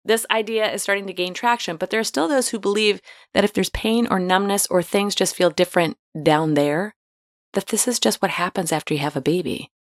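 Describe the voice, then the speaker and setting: A woman's voice: medium pitch, brisk. A woman hosting a talk show who gives frank, playful advice in a scripted monologue with casual slang.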